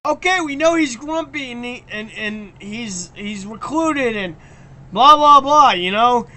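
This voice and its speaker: Brief: male streamer, excitable and ranty, sharp bright tone, frequent stammered restarts. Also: very high voice, unhurried. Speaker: live stream host. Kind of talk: ranting casual live stream chat.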